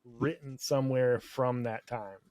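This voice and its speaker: A man's voice: mid-range voice, fairly even intonation, measured pace, darkish tone. A man co-hosting a casual podcast chat who keeps asking inquisitive follow-up questions. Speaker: podcast co-host.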